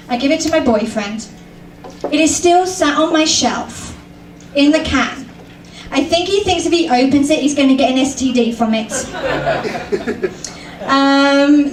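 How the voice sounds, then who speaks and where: A British woman doing a chatty, self-mocking stand-up comedy set with frequent ums. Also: high voice. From Britain. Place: comedy club stage. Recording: echoey club, mic at a distance, faint room noise.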